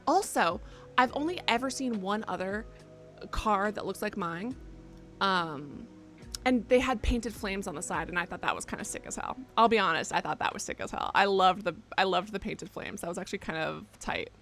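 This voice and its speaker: Twenties woman streamer rambling to chat, jokes at her own expense, mid pitch, faint music in back. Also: moderate pace. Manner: rambling and self-mocking, with sudden loud excited bursts. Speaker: game streamer. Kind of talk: casual live-stream chat. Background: faint background music.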